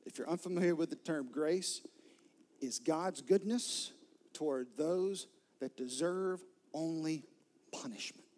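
A man preaching a sermon, retelling a scripture story vividly and swinging from loud emphasis to soft, near-whispered lines. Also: on the high side, a little slow. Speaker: pastor.

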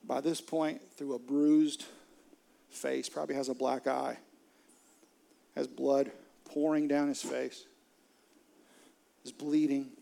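A man preaching a sermon, retelling a story with dramatic swings from hushed near-whispers to loud outbursts. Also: mid-range voice, little pitch movement, slow, vocal fry, long pauses. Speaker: pastor.

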